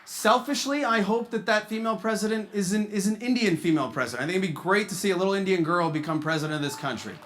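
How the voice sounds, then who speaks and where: Man doing stand-up at a charity gala, high-pitched and punchy, animated storytelling. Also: fast, hardly any pauses. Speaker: stand-up comedian. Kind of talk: stand-up comedy.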